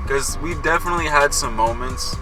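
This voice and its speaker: A man's voice: fairly high pitch, fairly quick, low-quality recording. A twenty-one-year-old man co-hosting a couple's Q&A, joking and laid-back, saying "bro" and "you know". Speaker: co-host of couple's channel. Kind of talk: casual Q&A chat. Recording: music clearly underneath.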